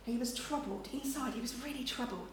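A middle-aged woman preaches in a relaxed, conversational way, dotting her talk with "you know" and "okay?". Her voice sits a touch high for a woman. She is recorded in a reverberant room with a faint hiss behind her. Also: fairly quick. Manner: chatty, checks in with listeners with "okay?" and "you know". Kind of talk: conversational sermon. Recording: echoey room, faint background noise.

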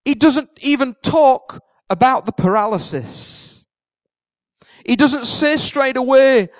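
A man with a very high voice preaches a lively sermon and tells the story vividly, acting out what the characters say and repeating key lines for emphasis. The sound is dry and close, with no room echo. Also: slow pace. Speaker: pastor.

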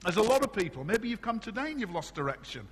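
A middle-aged man from England preaching a sermon in a church, animated and conversational, often asking the congregation questions. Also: high voice, fast talker, breathy edge, in a large hall. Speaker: pastor.

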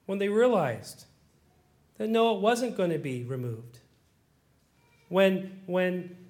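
A middle-aged man delivers a sermon with a notably high-pitched voice. He drifts between hushed, reflective asides and surging, impassioned stretches where he acts out pleading prayers. His delivery is expressive and heartfelt. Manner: swings from quiet musing to loud impassioned pleading. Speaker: pastor.

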